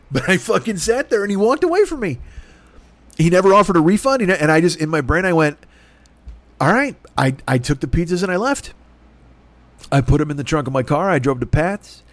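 Man, high voice, profane angry storytelling, dry close sound. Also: expressive, fast, dry recording. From Chicago. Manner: profane, exasperated, acts out both sides of the argument. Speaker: podcast host. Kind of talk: ranting storytelling.

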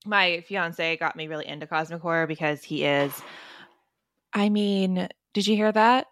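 A woman's voice: lowish voice, moderate pace, a bit bright. A young woman guesting on a podcast from home, chatting eagerly and filling her talk with "like". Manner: chatty and enthusiastic, many "like"s. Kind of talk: casual podcast chat. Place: home room with pets nearby.

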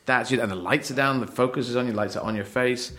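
A man's voice: mid-range voice, steady tone, fast, sharp tone. A middle-aged man from England, a comedian in casual podcast chat, rambling and laughing as he talks, restarting his sentences often. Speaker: comedian guest.

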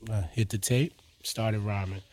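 A middle-aged man from Indiana telling a story as a guest on a casual interview show. He talks in a slangy, animated way and often drops to quiet, low asides. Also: a little slow. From Indiana, United States. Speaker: guest, freestyle rapper.

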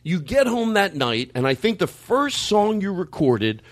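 A man's voice: high voice, sing-song, unhurried, dry recording. A man hosting a comedy podcast, playing a mock talk-show host with playful, giggly interruptions.

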